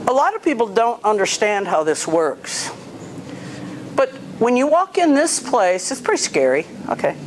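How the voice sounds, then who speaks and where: A woman's voice: fairly high pitch, sing-song, moderate pace, background noise. Blunt, firm woman dog trainer. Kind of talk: hands-on training session, coaching an owner.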